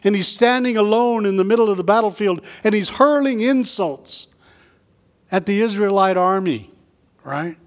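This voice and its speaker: High-voiced man preaching a chatty sermon. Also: lively intonation, moderate pace. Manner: conversational preaching with frequent "right?" asides and jokes. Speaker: pastor.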